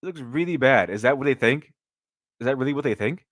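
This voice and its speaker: A man's voice: mid-range voice, expressive, a little fast, a bit bright, no room sound, clean studio sound. A man hosting a casual live stream, rambling with many restarts and mocking critics sarcastically.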